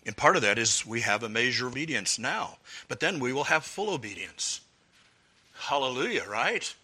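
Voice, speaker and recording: Bright-voiced earnest male preacher. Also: mid-range voice, sing-song, normal speed, husky. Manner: earnest, emphatic, with swelling repetitions. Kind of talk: expository sermon.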